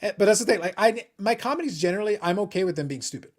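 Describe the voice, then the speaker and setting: A man with a fairly high voice talks quickly in a casual live stream chat. He is blunt and opinionated. He keeps repeating his first words before he settles into a point. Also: lively intonation. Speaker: host of a hobby live stream.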